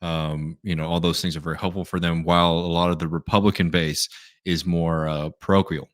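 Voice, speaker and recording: A man hosting a live stream, reading out viewer messages and answering them in a relaxed, thinking-aloud way with many fillers. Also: deep voice, a little fast. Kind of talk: casual live Q&A commentary.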